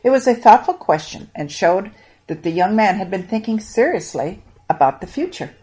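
A woman narrates a Bible story for children with expressive, moralizing delivery. She turns often to speak directly to the listener. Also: medium pitch, moderate pace.

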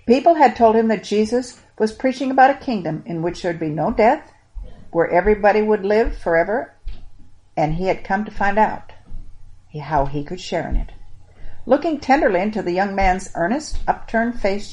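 A woman with a mid-range voice narrates a Bible story for children at normal speed, in an expressive, moralizing style. She frequently turns to address the listener directly.

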